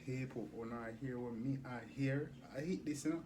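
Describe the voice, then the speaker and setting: A man's voice: mid-range voice, moderate pace, background noise. Hyped Jamaican man reacting to music. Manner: excited, loud bursts of hype, patois slang.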